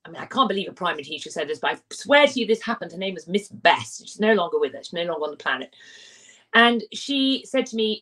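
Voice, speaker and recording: A woman's voice: lowish voice, very animated, fast, sharp tone, distant mic, rough recording. A woman telling a personal story as a motivational speaker, talking earnestly and repeating phrases for emphasis.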